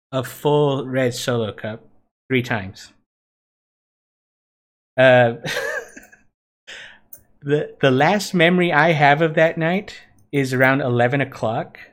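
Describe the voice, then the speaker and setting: A young man co-hosting a podcast, casually telling a drunk story with laughs and swearing. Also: mid-range voice. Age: young adult. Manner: laughing, profane, self-mocking. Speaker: podcast co-host.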